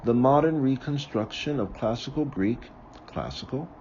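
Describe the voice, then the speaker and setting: A man reading aloud from a book, slowly and carefully, sometimes correcting himself. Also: medium pitch, expressive, darkish tone, lo-fi sound, slight background noise. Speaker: reader of a book on ritual.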